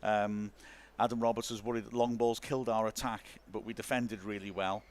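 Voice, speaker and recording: A man's voice: lowish voice, steady tone. Chatty man hosting a football q&a. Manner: chatty, self-deprecating, quick to laugh. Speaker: host reading viewer questions. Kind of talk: casual football chat.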